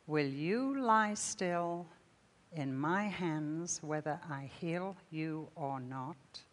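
Woman voicing a gentle shepherd healer. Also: medium pitch, expressive, pitched above the performer's own voice. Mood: tender. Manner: slow, soft and quiet. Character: gentle male shepherd healer, patient and tender. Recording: long reverb in a large hall.

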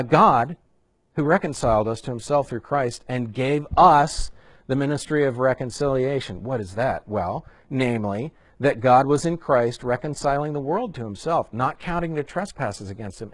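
A man's voice: mid-range voice, dry recording. A man teaching church small group leaders in a conversational way, reading scripture aloud with rising emphasis and slipping in jokey asides.

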